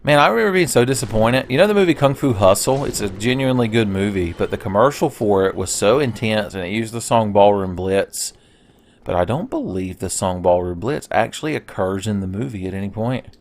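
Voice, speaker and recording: Talking a little fast over a video game, a low-voiced man hosts a let's play in a loose, easygoing style. He jokes, swears freely, and keeps drifting off topic with casual tangents.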